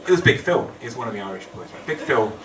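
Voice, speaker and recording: A man's voice: mid-range voice, very animated, fast talker. Brief: male storyteller rambling through a funny true story, heard from a distance in a roomy hall with background noise. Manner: rambling, self-deprecating, humorous. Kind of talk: live storytelling on stage. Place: event hall. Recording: echoey hall, distant mic, noisy.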